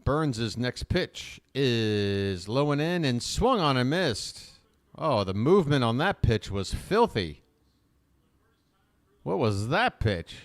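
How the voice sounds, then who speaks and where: A man calling live baseball play-by-play as a fan commentator, chatty and opinionated between pitches. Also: big pitch swings, slow pace, no room sound.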